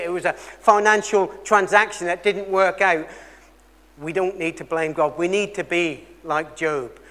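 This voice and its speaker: Man, preacher, high voice, earnest storytelling, loud and hushed turns, reverberant church hall. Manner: earnest storytelling, shifting between loud emphasis and quiet intensity. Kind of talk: sermon.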